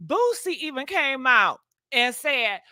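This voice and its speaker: Sassy woman gossip host, high bright voice, dry close sound, chatty with viewers. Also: sing-song, slow, no room sound. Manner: laughs often. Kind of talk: casual live-stream gossip chat.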